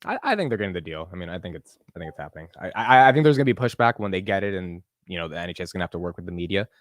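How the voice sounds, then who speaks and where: A man hosting a casual investing interview, animated and quick to swear and laugh. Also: low-pitched, no room sound, clean studio sound. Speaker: host.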